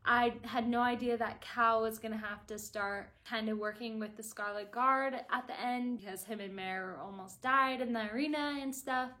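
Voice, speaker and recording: A woman talks straight to her viewers in a casual video review and gushes about a book she loved. Her voice sits fairly high. She tumbles from one thought to the next, packing her sentences with "like". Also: fairly even intonation, moderate pace, few pauses, pushed and bright. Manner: gushing and chatty, with constant "like" fillers.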